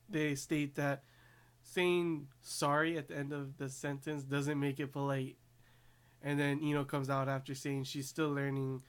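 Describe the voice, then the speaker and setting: A man with a slightly higher voice than most talks through an anime episode in a loose, rambling way. He laughs often and keeps stacking fillers and restarts as he goes. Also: fairly bright tone. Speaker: anime reviewer. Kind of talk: casual episode recap.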